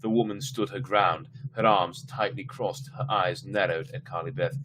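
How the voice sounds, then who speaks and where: A man with a fairly low voice reads a children's horror book aloud to his family over a live stream. He trips over words and fixes them as he goes, and now and then drifts off into casual chat. A faint hum of room ambience sits under the voice. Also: steady tone, normal speed, few pauses. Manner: reads with frequent slips and restarts, breaks off to chat. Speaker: storyteller reading aloud to his mother.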